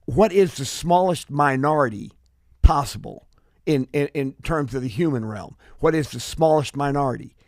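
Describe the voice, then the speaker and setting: A man's voice: fairly high pitch, moderate pace, dry recording, studio quality. An American man hosting a political talk radio show, speaking earnestly and often restarting his sentences. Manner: earnest, many restarts and repeated words.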